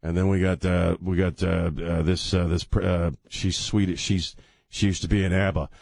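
Deep, gravelly talk radio host. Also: male voice, flat delivery, normal speed, a little mellow, dry recording, clean studio sound. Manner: sarcastic, mocking, rambling with many restarts. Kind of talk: rambling talk radio monologue. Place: radio studio. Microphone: studio microphone.

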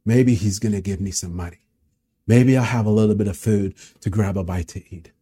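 A man's voice: lowish voice, steady tone, brisk, mellow, husky, pitched below the performer's own voice. A man voicing a blind beggar man. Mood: wondering. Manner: muttering inner thoughts, wry.

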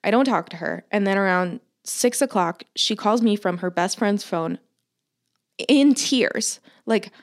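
A woman's voice: mid-range voice, expressive, a little slow. A woman in her thirties, co-hosting a podcast, telling a long story in casual chat and swearing freely. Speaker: podcast co-host.

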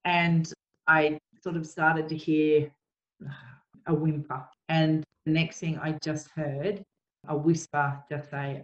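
A woman's voice: deep voice, level tone, reverberant, dull audio. Woman recounting a painful memory. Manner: earnest, halting storytelling. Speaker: interview guest. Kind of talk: emotional personal account.

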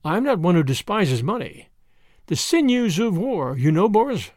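Brief: man doing a cold, scornful schemer lady in a storybook reading, high and lilting, dry sound. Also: moderate pace, no room sound. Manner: calm, mocking, coolly superior. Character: cool, scornful, scheming society woman.

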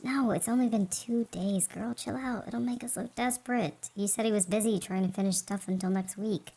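A woman's voice: medium pitch, steady tone, normal speed, dark tone, pitched above the performer's own voice, lightly acted. A woman voicing a blunt, exasperated inner voice of a young woman in an audiobook memoir. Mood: scolding.

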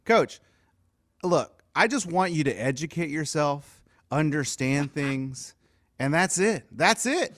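A man's voice: fairly high pitch, lively intonation, takes it slowly, fairly bright tone, no room sound, clean studio sound. A man on a radio show, arguing in a defensive, teasing, mock-aggrieved way and laughing often. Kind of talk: bantering radio talk.

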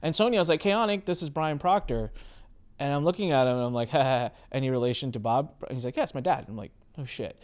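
Male podcast host, mid-range voice, lively storyteller who acts out the dialogue. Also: fast. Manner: animated, acts out quoted exchanges with big pitch jumps. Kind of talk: casual conversational storytelling.

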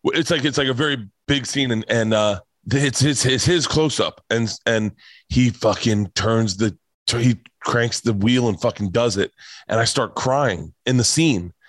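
A man's voice: medium pitch, measured pace, no room sound. A middle-aged man telling stories in a casual podcast chat, rambling and swearing, getting choked up as he talks. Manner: rambling, profane, gets emotional and choked up. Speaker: comedian guest on a podcast.

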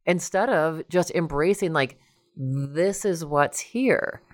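A woman's voice: low-pitched, slow pace. A woman podcast host speaking earnestly and reflectively with her guest. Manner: reflective, earnest, many fillers. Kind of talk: casual podcast interview.

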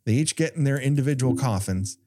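A man talking on a podcast with a lively, swooping voice. He retells the plot with sarcasm and plenty of swearing, in an easygoing, chatty way. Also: mid-range voice, fairly quick. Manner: animated, profane, sarcastic retelling. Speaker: podcast co-host. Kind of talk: casual film chat.

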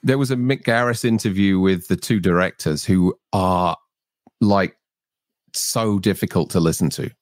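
A man hosting a casual livestream chat, relaxed and hesitant, with plenty of fillers. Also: low-pitched, moderate pace, dry recording, clean studio sound. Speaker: livestream host.

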